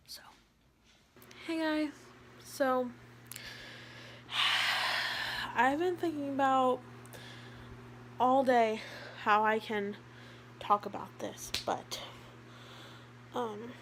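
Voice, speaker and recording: A teenage girl talking to camera in a casual vlog, rambling with lots of fillers and sometimes dropping to a soft, quiet voice. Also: high-pitched, steady tone, drawn-out words, pauses often, a little hiss or hum. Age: teens. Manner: chatty, rambling, with many fillers. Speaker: vlogger.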